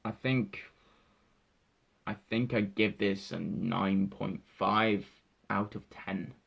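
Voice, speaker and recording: A young man, giving an emotional, halting spoiler review of a film that often repeats itself. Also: lowish voice, vocal fry, breathy edge. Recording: dull lo-fi sound.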